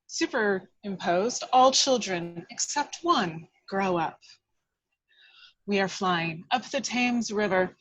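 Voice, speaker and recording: A woman reading a screenplay's action lines aloud in a measured, expressive way at a table read over a video call. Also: medium pitch, no echo, rough recording.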